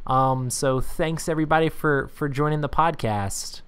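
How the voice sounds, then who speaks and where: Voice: mid-range voice, moderate pace, clear, resonant tone. A podcast co-host wraps up an episode in a loose, upbeat way. The speech is casual and peppered with fillers.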